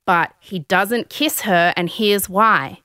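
A woman hosting a casual chat, telling a story in an animated, giggly way. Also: medium pitch, slow pace, smooth, dry recording, clean studio sound. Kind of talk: casual chat recapping a reality show.

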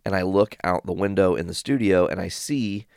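A man's voice: low voice, moderate pace, clean tone, dry recording, studio quality. A man casually telling a long story from home, rambling and swearing often as he retells what happened. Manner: profane, rambling, animated retelling. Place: home studio.

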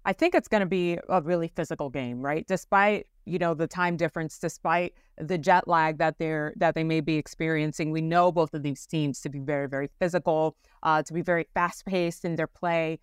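A woman co-hosts a sports podcast in casual, animated chat. She laughs often and leans on fillers. Her voice is smooth and a little low, in a dry, close recording. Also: fairly quick, hardly any pauses, no echo. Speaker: podcast co-host. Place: traveling abroad.

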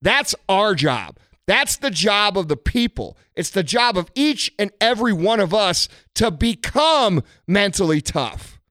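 A man with a high voice delivers a blunt motivational rant, cursing freely as he drives his points home. The sound is dry and close, with no room around him. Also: sing-song, a little slow, hardly any pauses, pushed and bright, no room sound. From United States. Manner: blunt, aggressive, heavy swearing. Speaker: motivational speaker.

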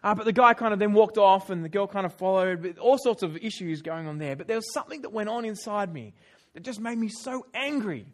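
High-voiced New man preaching. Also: brisk. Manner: animated storytelling, raises voice for emphasis. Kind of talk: sermon with personal stories.

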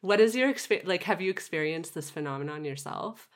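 Low-voiced woman host. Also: lively intonation, brisk. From Canada. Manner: curious, asks follow-up questions. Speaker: podcast host. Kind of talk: casual interview.

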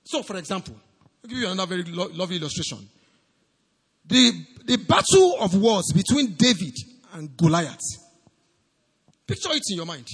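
High, animated preacher in a hall. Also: male voice, brisk, husky. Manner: animated preaching, rising to shouts and dropping low. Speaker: pastor. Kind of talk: sermon.

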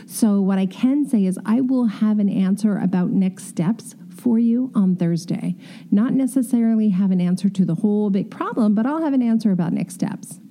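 A woman's voice: medium pitch, lively intonation, moderate pace, dark tone. A middle-aged woman, an interior designer, telling candid, self-deprecating stories from her work and giving emphatic advice. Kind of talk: storytelling advice talk.

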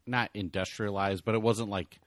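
Man, podcast co-host, crude dry humor, short asides, lowish voice, dry close recording. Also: steady tone, normal speed, dry recording. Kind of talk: casual crude chat.

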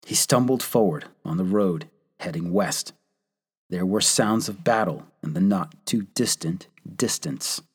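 A man narrating a history story in a measured, scripted way, lifting his voice for quoted lines. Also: low voice, breathy edge.

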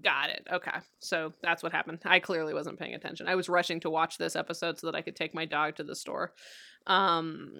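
A woman's voice: deep voice, level tone, fairly quick, vocal fry, pushed and bright. A woman co-hosting a podcast, chatty and casual, laughing and swearing as she recaps a TV episode. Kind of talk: casual chat.

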